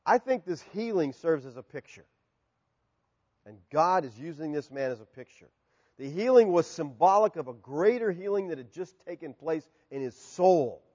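Middle-aged male pastor, lively pitch, loud-to-hushed delivery, dull hall recording. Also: moderate pace. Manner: animated preaching, swings from loud to hushed. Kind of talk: sermon.

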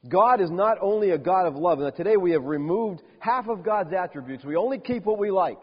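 A man preaching a sermon, emphatic, slowing down and dropping soft on key words. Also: high voice, animated, slightly rough. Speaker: pastor. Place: church sanctuary. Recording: dull lo-fi church recording with long reverb.

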